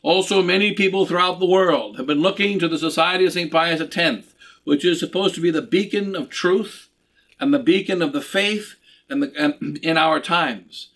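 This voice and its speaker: A middle-aged man preaches with a high, bright voice that rings out. His delivery is earnest and insistent, looping back on phrases and stumbling through frequent restarts. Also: moderate pace. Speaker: bishop preaching. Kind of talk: sermon.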